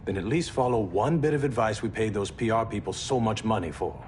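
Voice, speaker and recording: An actor playing a calm, sensible male business advisor who gives measured, persuasive advice in a game cutscene. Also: on the low side, a little hiss or hum, lightly acted. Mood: earnest.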